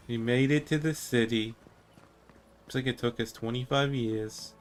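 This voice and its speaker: A man's voice: mid-range voice, steady tone, moderate pace, vocal fry, pauses often, soft background music. Rambling young man streaming a game. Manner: rambling, joking, lots of 'like'. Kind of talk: casual gameplay commentary.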